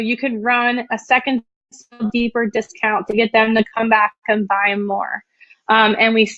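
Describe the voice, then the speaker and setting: A woman's voice: on the high side, pushed and bright, no echo, lo-fi sound. Chatty woman hosting a webinar. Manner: chatty, reads out viewer questions, many ums and likes. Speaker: webinar host. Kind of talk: casual live webinar Q&A.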